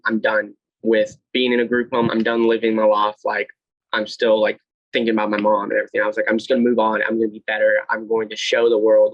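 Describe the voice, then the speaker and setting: Young man telling his story, flat and low. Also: no room sound, muffled recording. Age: 20s. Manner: blunt, swears freely, many fillers and restarts. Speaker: podcast guest. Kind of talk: candid personal storytelling.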